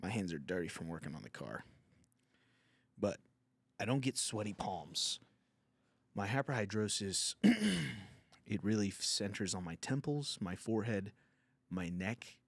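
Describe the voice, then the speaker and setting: A man's voice: lowish voice, no echo. A man hosting a podcast, riffing in a crude, rambling, irreverent comedic monologue. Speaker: podcast host.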